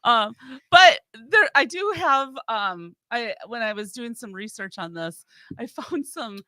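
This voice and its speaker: Bright, giggly woman quizzing her co-hosts. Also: fairly high pitch, sing-song, unhurried, no room sound. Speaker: morning show co-host running trivia. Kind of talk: casual chat.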